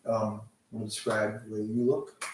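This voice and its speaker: Rambling game master in an echoey room. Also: male voice, lowish voice, completely flat delivery, normal speed, darkish tone. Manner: rambling, loose, with many fillers and restarts. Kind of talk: narrating a tabletop role-play game. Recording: echoey room, mic far off, faint noise.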